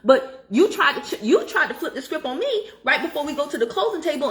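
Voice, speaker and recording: A middle-aged woman tells a personal story straight to her viewers. Her voice sits a little high, and her delivery is chatty and animated, with plenty of asides to the audience. She records on her phone. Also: fast, few pauses. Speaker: credit education vlogger.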